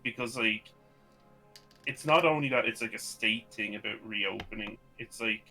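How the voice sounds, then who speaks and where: A young man rambles through a casual chat, laughing and swearing as he goes. His voice is bright and forceful, and faint music plays behind him. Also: lowish voice, moderate pace. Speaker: co-host.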